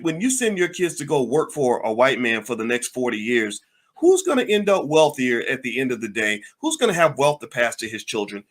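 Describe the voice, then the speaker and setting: A man's voice: mid-range voice, fairly bright tone. A man giving impassioned political commentary, firing off angry rhetorical questions.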